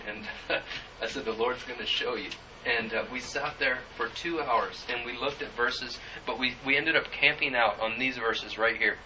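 A man preaching a sermon, reading scripture and telling a personal story in an earnest, halting way with many fillers. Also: mid-range voice, background noise. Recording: muffled, distant church recording.

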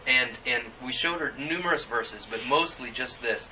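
Earnest preacher, bright voice, distant. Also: male voice, mid-range voice, a little hiss or hum. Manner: earnest, halting storytelling with many fillers. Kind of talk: sermon with personal story. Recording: muffled, distant church recording.

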